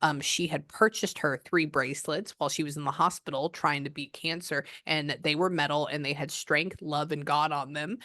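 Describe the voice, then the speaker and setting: A woman's voice: low voice, fairly even intonation, moderate pace, few pauses, bright, forceful tone, dry recording, studio quality. A woman working as a psychic medium, talking a client through a reading in a chatty, rambling way that often breaks off mid-sentence. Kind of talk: reading session over a call.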